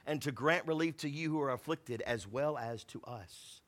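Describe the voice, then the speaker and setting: A man preaching a sermon, reading scripture and quotes, mixing jokes and asides with hushed and emphatic stretches. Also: mid-range voice, normal speed. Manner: conversational preaching with asides and laughs. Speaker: pastor.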